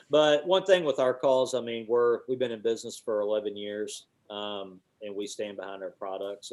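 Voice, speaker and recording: A man, teaching a webinar and telling hunting stories, now and then hooting owl calls out loud. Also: on the low side. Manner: animated storyteller, hoots owl calls with his voice. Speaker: guest instructor, call maker.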